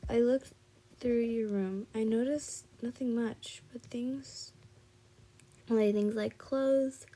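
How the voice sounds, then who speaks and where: Tired woman slowly reading fan fiction. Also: a little high, steady tone, mellow. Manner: slow reading with frequent restarts and apologies. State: tired and yawning. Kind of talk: reading a fan fiction listener story aloud.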